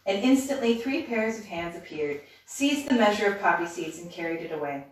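A woman's voice: medium pitch, lively intonation, brisk. Woman reading a fairy tale, far-off echo. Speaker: storyteller. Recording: roomy, distant mic.

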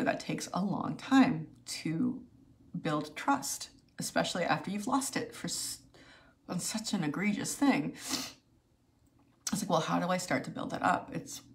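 A woman speaking to her viewers, telling a personal story in a halting, emotional way with many restarts. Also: fairly low pitch, a bit bright. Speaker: video host sharing a personal story.

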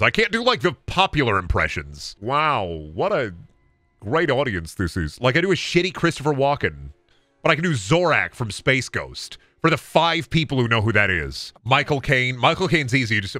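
A man's voice: medium pitch, sing-song, a little fast, pushed and bright, no echo. A man casually commenting on his game as a streamer, joking, swearing and riffing on voice impressions.

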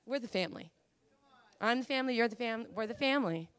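A woman preacher delivering a sermon, emphatic and pleading, at times rising to high fervent cries. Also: animated, fast talker, fairly bright tone, smooth.

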